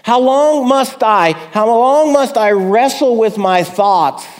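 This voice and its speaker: A man's voice: sits high, expressive, unhurried, a little mellow, pitched above the performer's own voice. A man doing a desperate, pleading psalmist. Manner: anguished, pleading, raised and strained. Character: desperate pleading male psalmist crying out to God.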